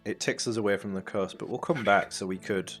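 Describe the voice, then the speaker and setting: A man's voice: fairly low pitch, fairly even intonation, brisk, husky, soft background music. A man playing a tabletop game, chatting in a playful, tentative way. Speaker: player. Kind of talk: casual chat in a tabletop game.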